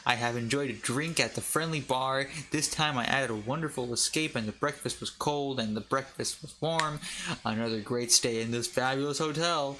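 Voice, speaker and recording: A man reads articles aloud to his stream chat. He trips over words, jokes and breaks off to laugh. His voice is bright and forward, with a faint background hum. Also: medium pitch, normal speed. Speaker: VTuber streamer.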